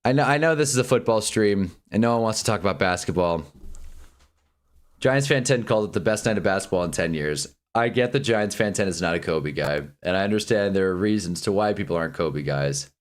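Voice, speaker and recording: A man's voice: mid-range voice, fairly bright tone. A man hosting a live sports stream, ranting heatedly and swearing freely between casual asides. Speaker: streamer host. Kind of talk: livestream sports talk.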